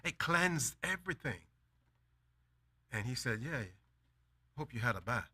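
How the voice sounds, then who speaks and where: Bright-voiced male preacher telling a story. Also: mid-range voice, animated, unhurried, slightly rough. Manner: storytelling, acts out dialogue, emphatic declarations. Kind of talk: sermon with personal anecdote.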